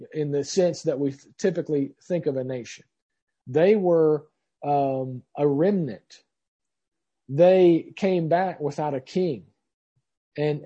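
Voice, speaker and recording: Man, Bible teacher, husky mellow voice, reads scripture then explains with many fillers. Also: a little high, highs cut off.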